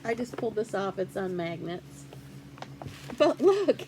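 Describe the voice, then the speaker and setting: A woman's voice: medium pitch, very animated, unhurried, background noise. An older woman hosting a casual cross-stitch vlog, chatty and rambling with fillers as she shows off gifts. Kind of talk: casual show-and-tell vlog.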